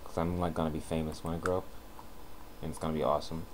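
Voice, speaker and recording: A man's voice: rumbling low, flat delivery, quick pace. A man giving casual gameplay commentary, sarcastic and swearing as he talks at the game characters, at a desk mic. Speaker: let's play commentator. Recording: noisy home recording with keyboard clicks.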